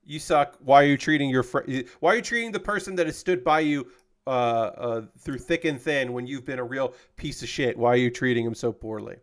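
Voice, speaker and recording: A man talking casually on a livestream as he recaps a show. His speech is loose and sprinkled with curses, fillers and false starts. He keeps a steady middle pitch and turns heated and indignant over characters he finds unfair. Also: brisk. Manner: loose and profane, with many fillers and restarts; gets heated and indignant when he talks about unfair characters. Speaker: streamer recapping an anime episode.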